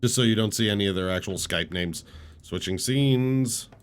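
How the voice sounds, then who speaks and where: A man's voice: lowish voice, moderate pace, clear, resonant tone, soft background music. A man running a tabletop game as game master, narrating and chatting casually.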